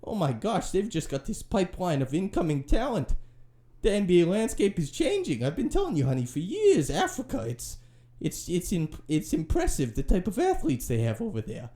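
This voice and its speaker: A man's voice: high-pitched, wildly swooping pitch, a little fast, few pauses, dark tone, voice pushed up. A man voicing a giddy middle-aged male sports fan who gushes to his wife and talks over himself. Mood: gushing. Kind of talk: comic put-on character voice.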